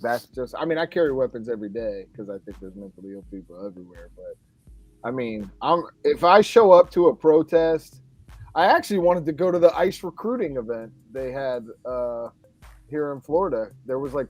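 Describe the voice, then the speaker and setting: A man's voice: mid-range voice, expressive, a little fast, no echo, faint music behind. A man hosting a casual podcast, rambling and often laughing as he talks. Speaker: podcast host. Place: home studio, Florida.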